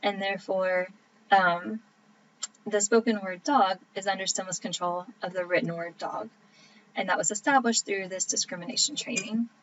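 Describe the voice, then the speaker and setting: A woman's voice: medium pitch, fairly even intonation, normal speed. Woman lecturing casually, slightly dull audio. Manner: casual, explanatory, frequent ums. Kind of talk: recorded lecture. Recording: dull lo-fi recording with faint background noise.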